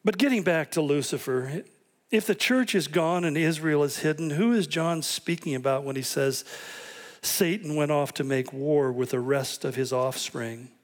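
Animated preaching man, slightly high voice. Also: moderate pace. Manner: storytelling, rising to animated quoted voices. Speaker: pastor. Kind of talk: sermon.

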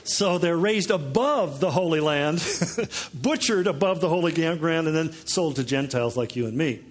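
A man with a notably high voice gives a sermon in a relaxed teaching manner. He mixes explanation with wry, joking asides. His delivery stays chatty, not declamatory. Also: normal speed. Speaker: pastor.

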